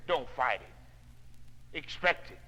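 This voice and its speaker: A man giving a folksy motivational speech to salespeople, telling homespun stories and swinging from hushed tones to loud ones, on a 1960s spoken-word record. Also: mid-range voice, expressive, takes it slowly, long reverb tail, poor audio.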